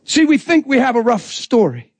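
High-voiced intense male preacher. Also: big pitch swings, normal speed, dry recording. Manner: intense, conversational preaching with acted-out quotes. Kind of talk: sermon.

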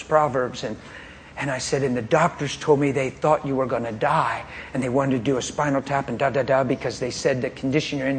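A man's medium-pitched voice, heard over slight background noise, delivers a sermon testimony. He tells his story with animation and frequent laughter, in a pointed, straight-talking way.

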